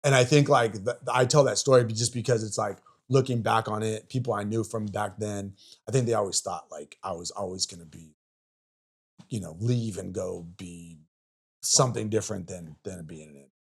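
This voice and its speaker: Gravelly low-voiced man telling stories. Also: moderate pace. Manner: rambling, profane, lots of fillers and restarts. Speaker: podcast guest, army veteran. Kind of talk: casual storytelling chat.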